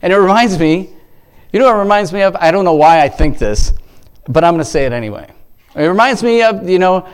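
A man with a slightly high voice gives an informal devotional talk to fellow believers. He rambles, restarts his sentences and often bursts into exclamations of praise. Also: expressive, brisk, clear, resonant tone. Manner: rambling, self-interrupting, exclamatory. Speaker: lay church speaker.

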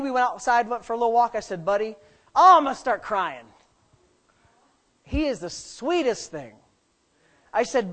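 A middle-aged man delivers a sermon as pastor, dropping into hushed, low remarks and then erupting into loud, passionate shouts.

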